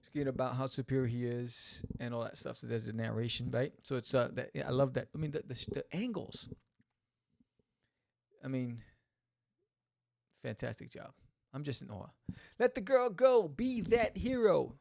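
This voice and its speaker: Gravelly, chatty man reviewing comics. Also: medium pitch, normal speed, pauses often, no echo, clean studio sound. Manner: animated, chatty, joking asides. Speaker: podcast host reviewing a comic. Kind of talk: casual comic review commentary.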